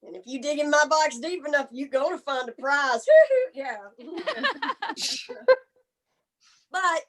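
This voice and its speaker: A woman's voice: high voice, fairly bright tone, low-quality recording. A woman doing bawdy stand-up comedy in a brassy, folksy manner, drawing out her punchlines. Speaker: stand-up comic. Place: comedy stage.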